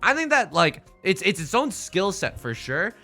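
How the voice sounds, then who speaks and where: A man's voice: high voice, big pitch swings, normal speed, creaky, pushed and bright, faint music behind. A young man chatting casually on a livestream while he plays, joking and rambling through playful asides. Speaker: streamer.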